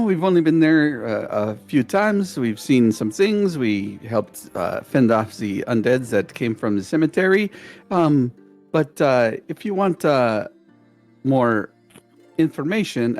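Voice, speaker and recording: A man's voice: medium pitch, big pitch swings, slow pace, a little mellow, soft background music. A man playing a tabletop game, speaking for his character with hesitant "uh"s. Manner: hesitant, many "uh"s. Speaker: player.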